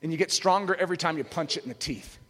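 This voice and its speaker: A man preaching an impassioned sermon, emphatic, with rhetorical questions and sudden loud outbursts, in a large hall. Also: a little high, quick pace. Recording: echoey hall with long reverb.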